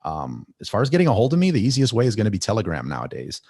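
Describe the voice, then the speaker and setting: A man guest on a podcast, telling a long story in a rambling, animated way with many restarts. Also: fairly low pitch, rapid-fire, husky, dry recording, clean studio sound. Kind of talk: casual storytelling.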